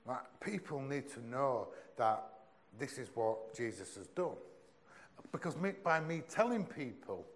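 A young man delivers a sermon in a chatty, earnest way. His voice sits at an ordinary mid-range pitch and often sinks low and soft when he presses a point home. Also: slight background noise. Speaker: preacher.

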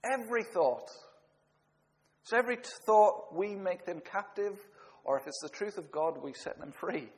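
A man's voice: high voice, moderate pace. Earnest male preacher in a reverberant hall. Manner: earnest, with small slips and self-corrections. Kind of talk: sermon.

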